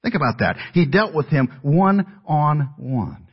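A man's voice: a little high, expressive, a little slow, breathy edge. A man preaching an expository sermon as pastor, earnest and rising with emphasis when he asks questions. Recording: dull, lo-fi sermon audio.

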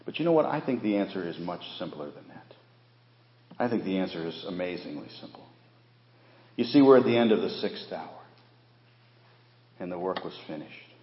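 A man preaching a Good Friday sermon as pastor. He quotes scripture, sometimes raising his voice for emphasis and sometimes dropping to a hush. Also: low-pitched, lively intonation, moderate pace, long pauses. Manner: quotes scripture, swings between raised emphasis and hushed delivery. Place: church sanctuary during an evening service. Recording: echoey hall, dull lo-fi sound.

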